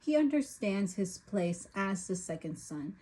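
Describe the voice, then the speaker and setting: A woman's voice: mid-range voice, big pitch swings, unhurried, warm tone, slightly rough, low-quality recording. A woman recapping and reviewing a book, often exasperated and ranting at the story's choices.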